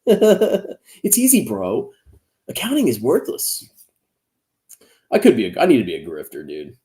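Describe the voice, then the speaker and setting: A man's voice: lowish voice, mellow. A man in his thirties giving sarcastic reaction commentary as a finance YouTuber, mocking his rivals and laughing often. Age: 30s.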